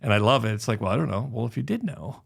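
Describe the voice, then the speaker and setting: Man, middle-aged, gravelly voice, animated, casual chat. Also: mid-range voice, racing. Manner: animated storytelling, acts out quoted voices. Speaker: podcast guest. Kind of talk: casual conversation.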